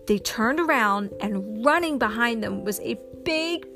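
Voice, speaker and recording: A woman telling an improvised children's story slowly and expressively, with sound effects and gasps. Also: on the high side, expressive, gravelly. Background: music.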